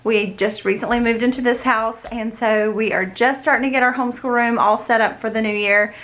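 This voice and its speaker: Mom vlogger, a bit high voice, out of breath, chatty and walking around the house showing stuff. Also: female voice, steady tone, a little fast. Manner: chatty, warm-hearted tour guide walking through the room. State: winded, out of breath. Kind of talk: casual room-tour vlog. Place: indoor room in a family home.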